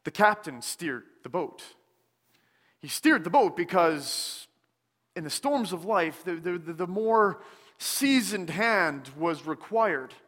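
A man preaching a sermon in a church, speaking slowly and deliberately with many pauses, often dropping to a soft, hushed tone. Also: sits high, expressive, big-room sound. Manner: slow, deliberate delivery with frequent pauses, dropping softer on scripture. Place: church sanctuary.

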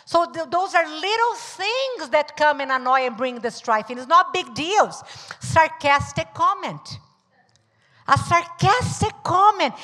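In a reverberant church hall, a high-voiced woman shares the pulpit with her husband. Her sermon is lively: she plays out small scenes, laughs a lot, and shouts now and then, with long reverb in the recording.

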